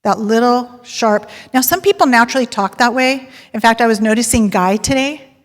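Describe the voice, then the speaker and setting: A woman giving a sales talk to a live audience, telling stories and polling the crowd with a lively, laughing manner. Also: a little high, normal speed. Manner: lively storyteller, polls the audience and laughs often. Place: large hall with audience. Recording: long hall reverb.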